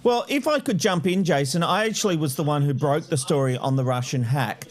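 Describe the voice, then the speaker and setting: Chatty man, higher voice. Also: a little fast. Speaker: entertainment reporter. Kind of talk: radio talk segment.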